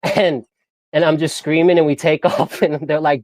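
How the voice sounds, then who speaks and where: A man's voice: on the high side, steady tone, moderate pace, no room sound. A young man telling stories in a casual, slangy way and laughing often. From San Diego area. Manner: laid-back slangy storyteller, laughs often, mimics voices. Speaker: guest. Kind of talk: casual storytelling.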